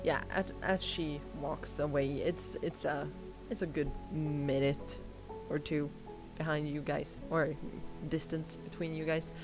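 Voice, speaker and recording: A woman runs a tabletop game in a low voice, slow and unhurried. She narrates in halting stretches full of fillers, with faint music underneath. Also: steady tone. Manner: hesitant, many fillers. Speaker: game master.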